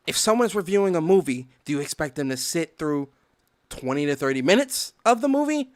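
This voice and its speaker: A man's voice: on the high side, big pitch swings, brisk, darkish tone. A man hosting a gaming podcast, reading definitions aloud and ranting in a heated, profane way. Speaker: podcast host. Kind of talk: gaming commentary rant.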